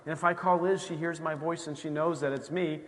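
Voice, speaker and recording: Male pastor, sermon, fairly high voice, animated, acts out voices, long church reverb. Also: a little fast. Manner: animated storytelling, acts out dialogue. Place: church sanctuary.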